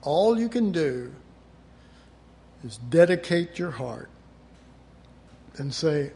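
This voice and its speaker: A man's voice: a little high, big pitch swings, slow pace, darkish tone. A middle-aged man preaching a sermon in a conversational way, often acting out the voices he quotes.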